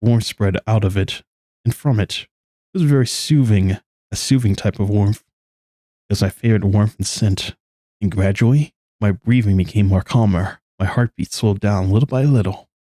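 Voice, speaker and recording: A man's voice: lowish voice, normal speed, mellow, dry recording, studio quality, close to an everyday voice. A man reading an anxious lovesick student. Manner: earnest, trembling inner monologue. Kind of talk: reading game dialogue aloud.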